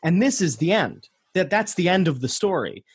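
A man's voice: high voice, sing-song, moderate pace, husky, dry recording, studio quality. An American man casually retelling history on a podcast, rambling with frequent restarts. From United States.

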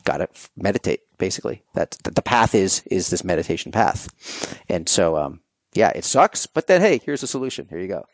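Male podcast guest, low voice, dry sound, loose animated storyteller. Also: brisk, dry recording. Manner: animated storytelling, acting out quoted thoughts; loose and conversational, many fillers. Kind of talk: casual conversation.

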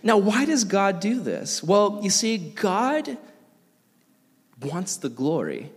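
Young male youth teacher, bright higher register, jokey and animated, reverberant hall. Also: takes it slowly, slightly rough. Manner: animated, jokey, acts out quoted characters. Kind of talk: casual Bible teaching. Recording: echoey hall.

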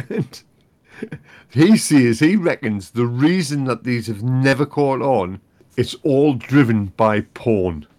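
Male co-host, slow, lively delivery, chuckles often. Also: mid-range voice. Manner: slow, animated, laughs often. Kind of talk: casual chat.

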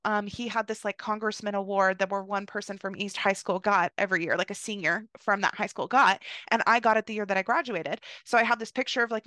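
Chatty fast-talking young American woman. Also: mid-range voice, a bit bright, no echo. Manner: chatty, heavy use of "like" and "you know". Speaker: podcast host. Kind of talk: casual storytelling monologue.

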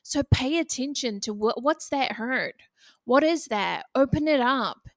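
A woman's voice: sits high, lively intonation, measured pace, no echo. A young woman hosting a solo motivational podcast, talking bluntly and casually and swearing freely. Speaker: podcast host.

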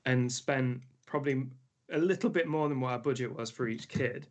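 Casting: mid-pitched man, eager host, chatty and storytelling. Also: normal speed. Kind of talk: casual chat.

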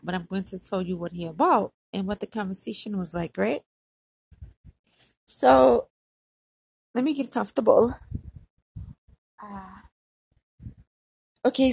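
A chatty woman with a Hawaiian accent confides to her listeners in a loose, diary-style podcast. Her voice has a gravelly, creaky edge and sits at a middling pitch. The sound is close and dry, with no room around it. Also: a little mellow, no room sound. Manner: chatty, confiding, quotes others. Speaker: podcast host. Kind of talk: casual diary-style chat.

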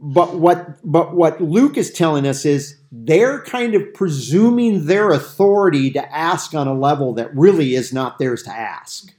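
A man's voice: a little high, animated, a little slow, hardly any pauses, darkish tone. A man leading a Bible study discussion, explaining Greek grammar with everyday examples. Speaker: Bible teacher.

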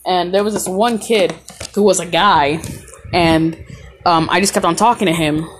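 A woman's voice: lowish voice, fairly even intonation, normal speed, slight background noise. A woman casually telling a rambling personal story on a podcast, full of "like" and reenacted dialogue. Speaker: podcast host.

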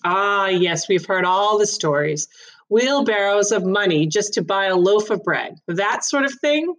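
A woman voicing a brisk, officious woman magistrate in a storybook reading, polished and smoothly professional. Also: medium pitch, lively intonation, a bit bright, low-quality recording.

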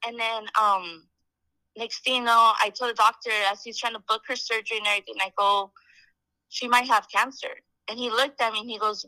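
A young woman chatting as a podcast guest. She tells her story in a loose, talky way, with lots of "like" and "um", and voices the people she quotes. Her tone is bright and clear, and she sounds close and dry, with no room echo. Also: a little high, fairly even intonation, a little fast. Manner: chatty, heavy on "like" and "um", acts out quoted dialogue. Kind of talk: casual storytelling chat.

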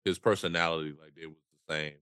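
A very deep-voiced man talks in a laid-back, halting manner, restarting and repeating his words. His tone is bright and smooth, and the sound is dry and close. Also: fairly even intonation, no room sound. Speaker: podcast co-host. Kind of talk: casual movie review chat.

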